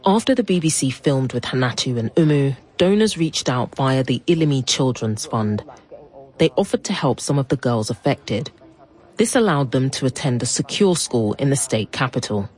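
A woman reporter narrating a news feature in a calm, steady voice. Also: rumbling low, moderate pace, poor audio.

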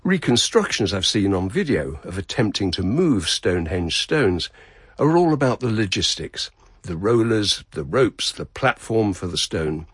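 A man narrating a radio feature in a measured, descriptive way. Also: on the low side, sing-song, slightly rough, dry recording. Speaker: radio reporter.

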